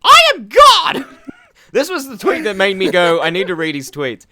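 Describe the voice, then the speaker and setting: A woman voicing a manic male cartoon mouse in a shrill, squeaky falsetto, shrieking every line over the top. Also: huge pitch swings, normal speed, bright, forceful tone. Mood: bombastic. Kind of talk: comedic voice impression.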